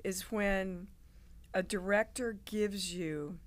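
A woman, a guest on an interview show, telling stories in an animated way and acting out the people in them. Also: mid-range voice, slow pace. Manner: animated, acts out quoted people. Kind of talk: casual interview storytelling.

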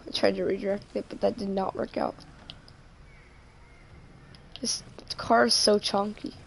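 A woman's voice: medium pitch, flat delivery, measured pace, vocal fry, a little hiss or hum. A woman streaming a game live, chatting casually and joking, often trailing off mid-sentence.

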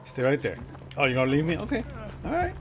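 A man's voice: a little high, wildly swooping pitch, fast talker, noisy background. A man streaming a horror game live, chatting with viewers, swearing casually and yelping at the scares. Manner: jumpy, yelps and laughs at scares, chats with viewers.

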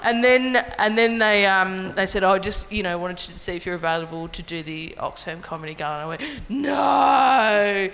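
A woman's voice: lowish voice, fairly even intonation, a little fast, hardly any pauses, fairly bright tone, in a large hall, a little hiss or hum. An Australian woman comedian telling a story in casual chat on a live show, laughing often. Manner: laughs often, tells a story acting out her own reactions. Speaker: comedian and podcast co-host. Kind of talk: casual comic chat before a live audience.

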